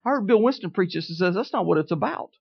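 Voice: mid-range voice, animated, fast talker, gravelly, husky. A preacher delivering a sermon, who repeats declarations with building emphasis and asks the congregation questions. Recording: dull, lo-fi sound.

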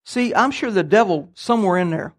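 An older man, preaching a sermon and telling stories in a folksy, animated way. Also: sits high, fairly quick. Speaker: pastor.

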